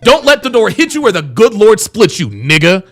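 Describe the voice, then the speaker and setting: High gravelly man ranting on a stream. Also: very animated, normal speed, a bit bright, faint music behind. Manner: profane, repeats himself, exclaims in disbelief. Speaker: host reacting to a video and reading chat. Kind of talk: livestream reaction commentary.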